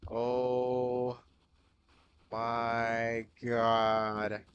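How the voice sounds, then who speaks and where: A young man giving excitable live gameplay commentary, swearing often, calling everyone bro and dude, and panicking in repeated shouts. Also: medium pitch, extremely slow, smooth, lo-fi sound. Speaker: gaming streamer.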